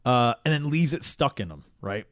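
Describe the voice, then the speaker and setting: A man's voice: mid-range voice, expressive, moderate pace, no room sound, studio quality. A man in casual talk, animatedly retelling a movie plot with swearing and acted-out lines. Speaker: podcast co-host. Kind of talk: casual movie recap chat.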